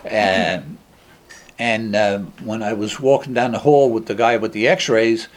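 A man's voice: fairly low pitch, fairly even intonation, a little slow. A middle-aged man telling a rambling, self-mocking story at a meeting, with many fillers and laughs. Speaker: speaker sharing his story at a recovery meeting.

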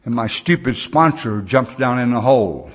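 A man's voice: medium pitch, lively intonation, moderate pace, slight background noise. A man in his sixties speaking at a recovery meeting, telling stories in a folksy, plain-spoken way with loose grammar.

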